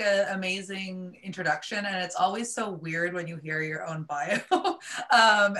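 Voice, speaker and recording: A woman presenting a live online marketing workshop, upbeat and chatty, her voice a little raspy as she is losing it. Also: on the low side, pushed and bright. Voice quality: slightly raspy. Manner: upbeat, chatty, many fillers.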